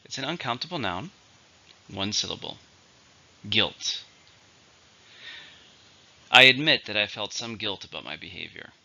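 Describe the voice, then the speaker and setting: A man teaching English vocabulary, slowly drilling each word's syllables and stress. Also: lowish voice, big pitch swings, bright, forceful tone. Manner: clear, slow drilling of words and stress. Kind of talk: vocabulary lesson. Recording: dull lo-fi recording.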